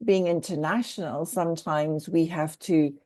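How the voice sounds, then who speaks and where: Low-voiced Scottish woman, mellow. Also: steady tone, normal speed, no room sound. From Scotland. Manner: chatty, thinking aloud with restarts. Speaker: coach. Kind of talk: group discussion on a video call.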